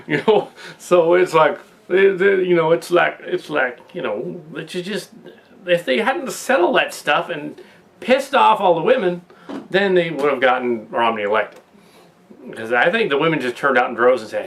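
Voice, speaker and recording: A male host riffing through a loose political commentary monologue, his voice sitting a touch higher than most men's. He trips over restarts, doubles back on his words and breaks into chuckles at his own jokes. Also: moderate pace, vocal fry, a bit bright.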